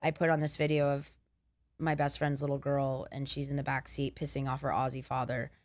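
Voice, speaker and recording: A young woman comedian hosting a podcast, chatting casually, brash and swearing freely with quick joking asides. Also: rumbling low, little pitch movement, a little mellow, no echo.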